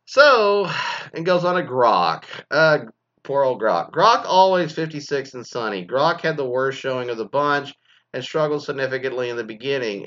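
Rambling, animated male podcast host. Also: medium pitch, lo-fi sound. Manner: rambling, animated, goes off on tangents. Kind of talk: casual commentary.

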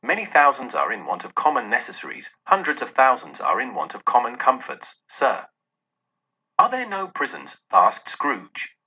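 A man reads a classic story aloud, voicing every exchange of dialogue with plenty of rise and fall. His voice is very bright but husky. The recording sounds dull and lo-fi. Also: medium pitch, moderate pace, few pauses. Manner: lively expressive reading with voiced dialogue. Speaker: narrator. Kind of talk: audiobook reading.

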